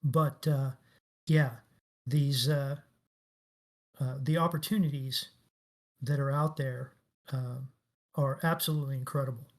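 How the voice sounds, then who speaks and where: A man's voice: medium pitch, steady tone, measured pace, pauses often. Middle-aged male guest, casual interview, eager and emphatic, mid-range voice. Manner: enthusiastic, emphatic storyteller. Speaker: guest, game industry veteran.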